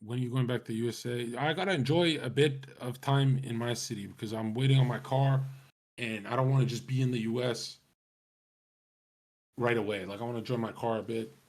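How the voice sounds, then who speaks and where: A man's voice: mid-range voice, brisk, darkish tone. A man talking casually to his stream chat, rambling and swearing, with many restarts.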